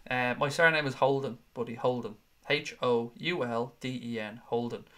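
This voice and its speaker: A man's voice: medium pitch, moderate pace, sharp tone. Chatty, jokey man hosting live. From Ireland. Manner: chatty, jokey and profane, teasing his co-hosts. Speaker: host of a fan channel live show. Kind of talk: casual live-stream chat reading viewer comments.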